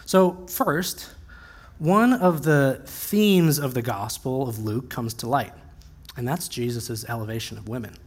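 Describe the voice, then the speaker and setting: A man preaching a sermon in a conversational, animated way, acting out little asides as he tells the story. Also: on the high side.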